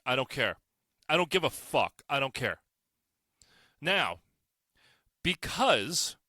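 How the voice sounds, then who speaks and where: Brash male podcast host, bright and lively, close dry mic. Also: medium pitch, no echo. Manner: blunt, profane, sarcastic, heated. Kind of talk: solo opinion podcast rant.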